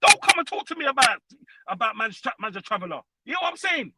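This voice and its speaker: A man calling in to a fan show, trash-talking loudly and profanely, peppering every line with tags like "you know what I'm saying". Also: extremely high pitch, big pitch swings, fast, heavy background noise. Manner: loud, profane trash talk with constant tags. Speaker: caller. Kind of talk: heated fan call-in rant.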